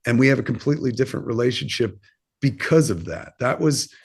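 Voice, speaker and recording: A man in his fifties speaks as a guest on a podcast, telling a long personal story. He is open and unguarded, and he rambles through plenty of fillers and casual swearing. His voice sits at an ordinary middle pitch. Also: fairly quick, breathy edge. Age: 50s. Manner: candid and rambling, swears freely, lots of fillers.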